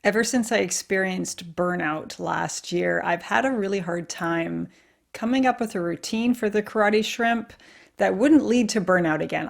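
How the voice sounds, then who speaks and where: A woman's voice: mid-range voice, creaky. A woman in her forties hosting a solo podcast, talking in an earnest, encouraging way with the odd swear. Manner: earnest, encouraging, mildly profane. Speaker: podcast host. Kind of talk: casual solo podcast talk.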